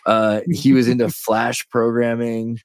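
Thirties guy rambling on a podcast, says dude a lot, mid pitch, dry close mic. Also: measured pace, smooth, no room sound. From California. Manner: rambling, animated storyteller who says "dude" and "like". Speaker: podcast guest. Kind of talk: casual conversation.

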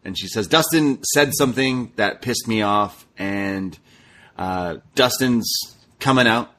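Low-voiced man recapping wrestling casually. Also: measured pace, slight background noise. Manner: animated retelling, acting out quoted lines. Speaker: podcast co-host.

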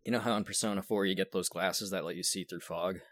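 A man's voice: sits low, fairly even intonation, fast talker, a bit bright, no echo, studio quality. A man co-hosting a casual comedy podcast who talks in a laid-back way and swears freely. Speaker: podcast co-host.

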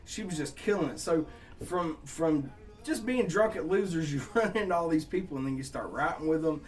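A young man with a Georgia Southern accent spins loose, laughing stories about the music scene, swearing freely in casual podcast chat. His voice sits a little high for a man. He sounds set back from the microphone, a touch distant. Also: lively intonation, a little fast. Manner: rambling, laughing storyteller with cursing. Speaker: country songwriter and musician.

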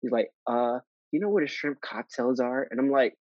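A man hosting a podcast, telling stories with animated acted-out dialogue. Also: medium pitch, normal speed, no echo, lo-fi sound. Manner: animated storyteller, acts out dialogue. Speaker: podcast host. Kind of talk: casual chat.

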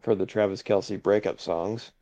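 Hesitant low-voiced man, dull sound. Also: steady tone, moderate pace, mellow. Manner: hesitant, many fillers, chuckling asides. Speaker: podcast co-host. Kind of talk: casual sports chat.

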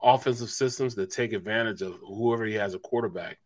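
A man co-hosting a sports talk show, relaxed and stumbling through restarts. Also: on the low side, fairly quick. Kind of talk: casual sports chat.

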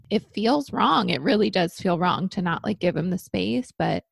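A young adult woman in candid casual chat about parenting, quick to agree. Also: mid-range voice, animated, creaky, slightly rough, dry recording. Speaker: podcast co-host.

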